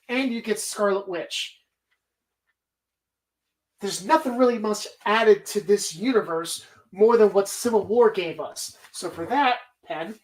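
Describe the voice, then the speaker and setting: In a low-quality recording, a medium-pitched woman hosts a casual podcast built around a movie bracket. She talks animatedly and rambles, swearing freely while defending her picks.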